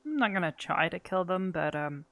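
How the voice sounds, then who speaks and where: Brief: weary woman healer in roleplay, low gravelly voice, dry sound. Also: animated, a little fast, no echo. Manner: tired, soft-spoken. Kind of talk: in-character roleplay.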